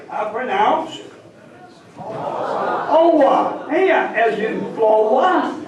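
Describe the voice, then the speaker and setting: A man's voice: extremely high pitch, highs cut off. A man with a thick Maine accent, a humorist teaching a live audience how to talk like a local, joking and drawing the crowd into call-and-response. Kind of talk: stand-up comedy lesson to an audience. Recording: echoey hall, mic far off, crowd audible.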